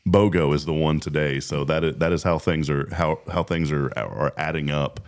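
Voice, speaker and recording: A man hosting a morning radio show, telling stories in quick, animated bursts and laughing often. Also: a bass voice. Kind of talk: casual radio chat.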